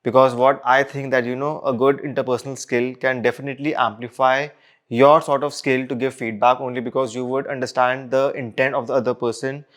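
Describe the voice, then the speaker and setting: A man's voice: medium pitch, little pitch movement, fairly quick, a bit bright. A man hosting a podcast, thinking aloud as he frames a question for his guest. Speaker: podcast host. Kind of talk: interview question.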